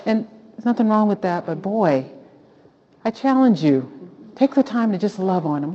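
A woman hosting a Christian talk, preaching with animated, rising exclamations. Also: mid-range voice, moderate pace. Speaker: host of a Christian talk show. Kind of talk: preaching-style Bible talk. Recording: dull lo-fi sound.

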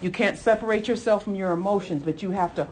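Lively laughing woman preacher. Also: mid-range voice, fast talker, a little hiss or hum. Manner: lively, laughing, addresses congregation as folks and honey. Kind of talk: sermon.

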